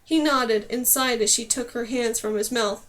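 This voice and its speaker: High-voiced woman reading a fantasy audiobook. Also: steady tone, moderate pace, a bit bright. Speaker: audiobook narrator. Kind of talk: audiobook narration.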